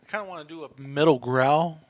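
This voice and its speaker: Joking podcast co-host, fairly high voice. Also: male voice, quick pace, crowd noise. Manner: joking, teasing banter. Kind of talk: casual movie review chat.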